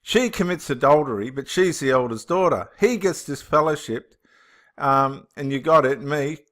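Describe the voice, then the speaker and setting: A man's voice: fairly high pitch, normal speed. Impassioned man in his fifties. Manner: impassioned, emphatic, swinging between preaching loudly and muttering to himself. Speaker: channel host. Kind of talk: reading and reacting to viewer comments.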